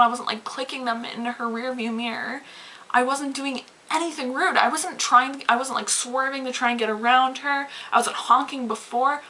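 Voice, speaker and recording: A woman vlogger telling a story to camera in an animated, swearing ramble full of "like"s. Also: fairly high pitch, rough recording. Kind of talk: casual storytime rant to camera.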